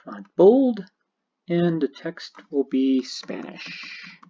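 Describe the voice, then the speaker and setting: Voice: medium pitch, sing-song, extremely slow, warm tone. A programming teacher narrating a screencast tutorial, explaining each step methodically. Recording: dull lo-fi screen recording.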